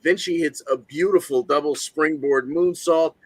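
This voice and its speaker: A man co-hosting a wrestling podcast, recapping a match in a brisk, matter-of-fact way. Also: a little high, dry recording. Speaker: podcast co-host.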